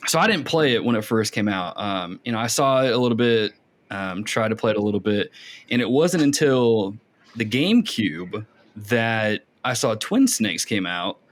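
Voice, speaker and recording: A man hosting a casual gaming podcast, telling stories with lively reenactments of his younger self. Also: on the low side, moderate pace. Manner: animated storytelling, acts out his younger self. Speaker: podcast host.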